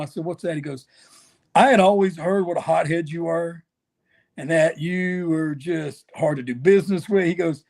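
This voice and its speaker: A man, a wrestler guest telling animated stories and acting out what people said. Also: on the high side. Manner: folksy, animated storyteller who acts out quotes. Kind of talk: storytelling interview.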